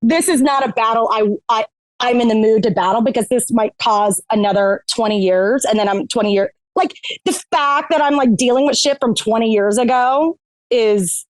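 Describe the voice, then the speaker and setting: High-voiced profane woman guest. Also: unhurried, no room sound. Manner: candid, profane, laughs often. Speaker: podcast guest, reality TV competitor. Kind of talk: casual chat.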